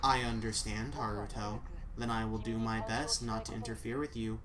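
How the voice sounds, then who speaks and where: A woman voicing a soft-spoken AI secretary program that talks low, quiet and even. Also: moderate pace, a crowd in the background. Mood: calm devoted.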